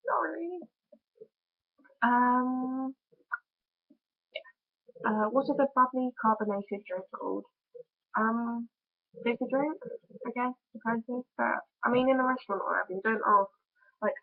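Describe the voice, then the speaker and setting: Young woman, London accent, chatty and self-deprecating; slightly high voice, thin phone-like audio. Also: a little slow, pauses often. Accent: London English. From England. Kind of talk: casual vlog chat. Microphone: built-in webcam mic. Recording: tinny lo-fi webcam audio.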